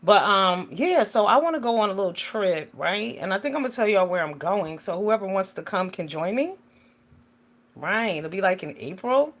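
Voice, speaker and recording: Bright-voiced woman chatting on a livestream. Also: medium pitch, moderate pace. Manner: animated, greets viewers, swings from loud to quiet. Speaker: livestream vlogger. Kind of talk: casual livestream chat. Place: home in the US Northeast.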